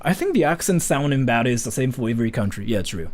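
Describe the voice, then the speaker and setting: A man's voice: mid-range voice, animated, fast. A man chatting casually while he reacts to a video, rambling with lots of fillers and questions.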